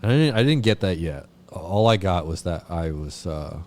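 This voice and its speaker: A man from Vermont, a podcast guest, telling his recovery story in a halting way with lots of fillers and swearing. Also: sits low, expressive. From Vermont, USA. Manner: halting, many fillers and restarts, frequent swearing. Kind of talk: candid personal recovery story.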